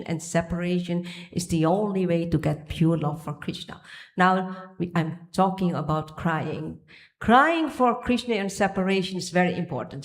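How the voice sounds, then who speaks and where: Woman giving a devotional temple lecture. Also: fairly low pitch. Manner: searching for pages, restarting phrases. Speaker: speaker giving a temple class. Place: temple hall.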